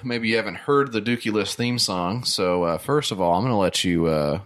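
A man co-hosting a comedy podcast, giving improvised banter in a deadpan mock-newscaster delivery. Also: lowish voice, moderate pace. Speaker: podcast co-host.

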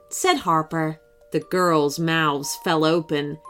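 A woman narrating a children's bedtime story in an expressive, storytelling manner. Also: mid-range voice, measured pace, soft background music.

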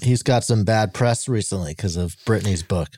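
A man's voice: fairly low pitch, moderate pace, darkish tone, slight background noise. A man co-hosting a comedy podcast, wry and easygoing as he counts down a chart. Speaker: podcast co-host. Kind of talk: casual podcast banter.

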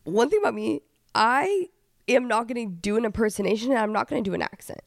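A young woman co-hosting a podcast, chatting casually and telling stories in a fast, animated way. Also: on the high side, vocal fry, no echo, clean studio sound. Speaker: podcast co-host. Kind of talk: casual chat.

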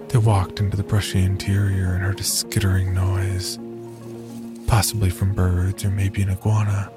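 A man narrating a horror story in a slow, measured, somber way. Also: deep voice.

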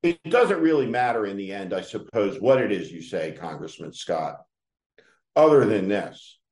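A man's voice: lowish voice, very animated, moderate pace, darkish tone. A male political commentator delivering a direct-address rant, scornful and emphatic, speaking straight at the person he criticizes. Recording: roomy echo.

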